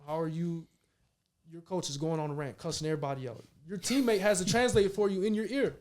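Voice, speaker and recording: A man in his thirties, a professional basketball player from Minnesota, chatting as a guest and telling lively stories in casual slang. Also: on the high side, quick pace. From Minnesota, United States. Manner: animated storytelling, slangy, repeats "you know what I mean". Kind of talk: casual conversation.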